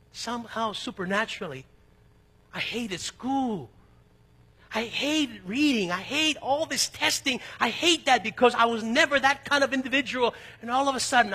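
An emphatic male pastor from East Los Angeles preaches with a bright, forceful voice that has a husky edge. His sermon mixes loud peaks with conversational asides and personal stories. It echoes through the long reverb of a church sanctuary. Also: high-pitched. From East Los Angeles, United States. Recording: long reverb of a large hall.

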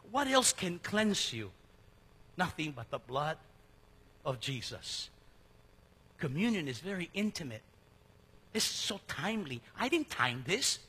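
A male pastor delivering a lively sermon in a church, joking and quizzing his congregation. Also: fairly high pitch, slightly rough. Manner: lively, jokey preaching that asks the congregation questions.

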